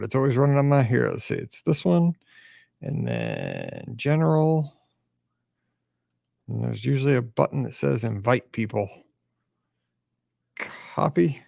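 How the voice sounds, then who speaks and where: A tired man chats his way through the warm-up of a live podcast, greeting viewers by name and humming under his breath. His voice has a gravelly edge, and the close mic sound is dry with no room around it. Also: mid-range voice, no echo. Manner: chatty, upbeat, hums and mutters to himself. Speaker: podcast host. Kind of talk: casual pre-show chat greeting live viewers.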